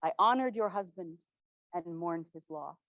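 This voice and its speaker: A woman voicing a kindly, teasing 1860s president in a gentle, wry, lowered voice. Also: animated, moderate pace, no room sound, narrow, tinny audio.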